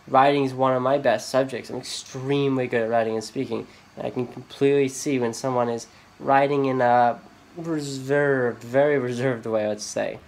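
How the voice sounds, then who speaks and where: A man's voice: mid-range voice, fairly even intonation, moderate pace, creaky, darkish tone, rough recording. A man talking casually into his phone for a vlog, rambling and complaining, with many fillers. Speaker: vlogger. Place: rented house and nearby streets. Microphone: phone held by the speaker.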